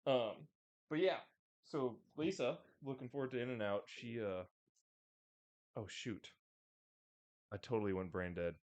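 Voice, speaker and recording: A man's voice: mid-range voice, unhurried, long pauses, darkish tone. A man co-hosting a podcast, joking and teasing in loose banter. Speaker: podcast co-host. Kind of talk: casual chat.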